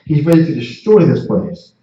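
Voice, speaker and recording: A man's voice: on the high side, expressive, normal speed, warm tone. A man teaching a class like a sermon, impassioned and repetitive, often stammering and restarting. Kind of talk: street-preaching class sermon. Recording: distant, echoey, dull lo-fi.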